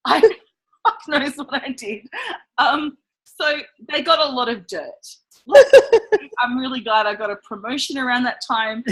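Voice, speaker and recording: Woman host, high bright voice, swears casually, laughs at herself in a podcast chat. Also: measured pace, low-quality recording. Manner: blunt, swears freely, self-mocking anecdotes.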